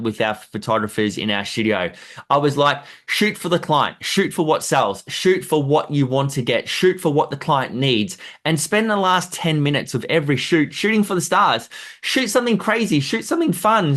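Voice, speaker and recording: A man teaching sales technique to photographers in a loose, repetitive way. He acts out little examples, his voice leaping high and then dropping low again. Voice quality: animated, acts out examples with sudden high jumps. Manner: repetitive, loose phrasing with fillers. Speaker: photography business coach.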